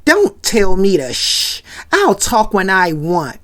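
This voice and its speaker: A woman's voice: mid-range voice, wildly swooping pitch, slow. A woman doing a sulky, whiny teenage boy. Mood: defiant. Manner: whiny, aggrieved complaining. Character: sulky indignant teenage boy, easily offended. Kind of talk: comic recap with character voices.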